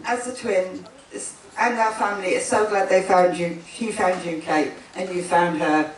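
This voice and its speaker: A woman with a lowish, fairly even voice talks at a moderate pace, with a little hiss or hum on the recording. As twin sister to one of the brides, she gives a chatty indoor wedding speech, laughing often and interrupting herself. The room echoes and the mic is distant.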